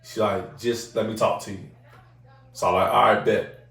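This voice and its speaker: Profane animated man, roomy distant sound. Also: fairly low pitch, normal speed, creaky. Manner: animated storyteller acting out other people's voices, heavy profanity. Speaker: podcast host. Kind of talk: casual storytelling chat.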